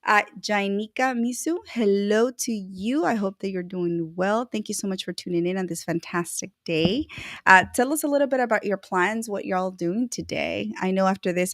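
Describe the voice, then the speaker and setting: A woman's voice: fairly low pitch, no room sound, clean studio sound. Bubbly woman livestream host. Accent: Latina-flavored American English. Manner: bubbly, effusive shout-outs with frequent laughs. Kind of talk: casual livestream chat.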